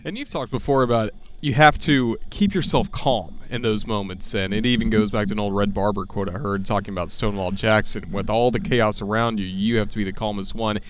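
Low-voiced man hosting an interview. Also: fairly quick, hardly any pauses. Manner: conversational, prompting the guest. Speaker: host. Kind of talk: interview questions.

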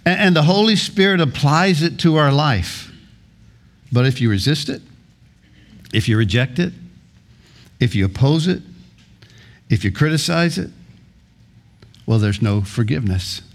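A man's voice: fairly high pitch, lively intonation, a little slow, long pauses. A man preaching a sermon as a pastor, earnest, building points through repeated phrases and long lists.

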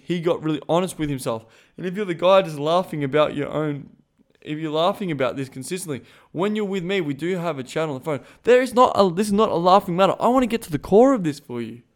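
A man hosting a podcast as a sexuality coach, talking in a frank, emphatic and profane way, with many restarts. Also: a little high. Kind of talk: casual monologue.

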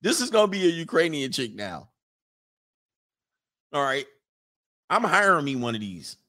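A man's voice: on the high side, very animated, moderate pace, sharp tone. A man riffing casually and comically as a streamer reading viewer comments, slangy and crude, breaking into laughter often.

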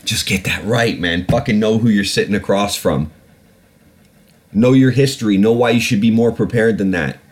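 A man on the low side, talking at a moderate pace, hosts a solo podcast. It's a profane political rant, heavy on swearing, with rambling asides, fillers and restarts throughout.

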